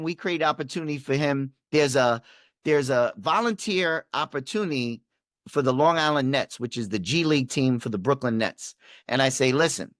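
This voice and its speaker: A man, a performance coach and podcast guest, telling a story and acting out the dialogue with shifting pitch and energy. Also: a bit bright, dry recording, clean studio sound. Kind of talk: animated storytelling in conversation.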